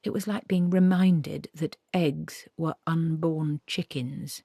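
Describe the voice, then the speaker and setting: A woman reading a novel aloud as an audiobook narrator, in measured storytelling. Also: sits low, fairly even intonation, creaky, mellow, dry recording, clean studio sound.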